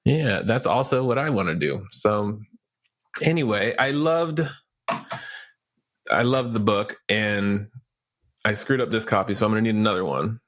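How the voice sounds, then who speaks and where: A man hosts a podcast interview in a casual, affirming way. His voice sits somewhat low, and his talk is relaxed and conversational. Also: a little slow, pauses often. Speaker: podcast host.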